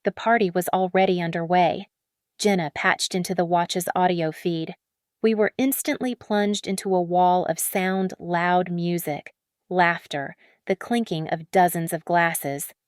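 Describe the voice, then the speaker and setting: Brief: woman narrator, steady dramatic read, lowish voice, dry close sound. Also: unhurried, clean tone, no echo. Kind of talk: scripted story narration.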